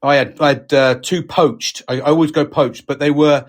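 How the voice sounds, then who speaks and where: A man's voice: a little high, fairly even intonation, normal speed. Laddish man, swearing freely. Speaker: podcast co-host. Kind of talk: casual banter.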